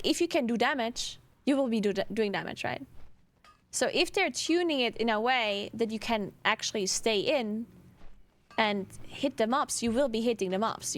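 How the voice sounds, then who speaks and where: A woman streamer talks through her views in a relaxed, casual way. Her voice sits a little high, and she hedges often, tossing in "like" and "right?" as she thinks out loud. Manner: thinking aloud, hedging, many "like" and "right?".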